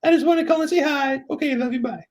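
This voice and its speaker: A man putting on a high-pitched sing-song voice, mimicking a lovesick caller leaving a phone message. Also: fast talker. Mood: teasing.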